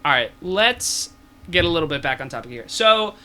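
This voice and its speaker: A man's voice: fairly high pitch, sing-song, a crowd in the background. A young man hosting a casual comics podcast, joking and steering the chat back on topic. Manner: jokey, steers the talk, quick asides. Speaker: podcast host.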